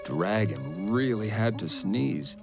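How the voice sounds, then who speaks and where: Brief: woman narrator, extremely low voice, lively intonation, storybook cartoon read over music. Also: slow pace.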